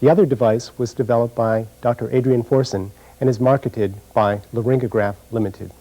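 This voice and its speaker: A man giving scripted, measured narration for a technical instructional video. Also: medium pitch, steady tone, dull audio.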